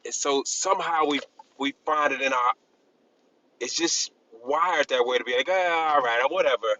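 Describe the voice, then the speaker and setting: A man in a casual group discussion, talking in a rambling, halting way with many restarts and emphatic bursts. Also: medium pitch, pushed and bright, dull audio. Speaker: discussion panelist.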